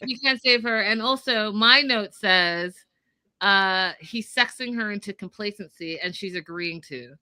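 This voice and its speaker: A woman's voice: mid-range voice, unhurried, bright, forceful tone, no echo. A woman co-hosting an online recap show, talking casually and with strong opinions about a reality TV episode. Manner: opinionated, acts out quotes from the episode. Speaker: podcast co-host.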